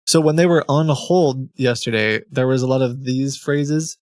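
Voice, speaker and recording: A man's voice: mid-range voice, normal speed, no room sound. A man hosting a stream, chatting casually and telling an amused story. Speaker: streamer host.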